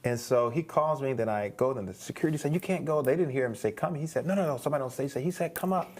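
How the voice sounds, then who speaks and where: A man's voice: medium pitch, racing, a little mellow. A middle-aged man, a guest on an interview show, animatedly telling a story, acting out quoted voices, with frequent restarts.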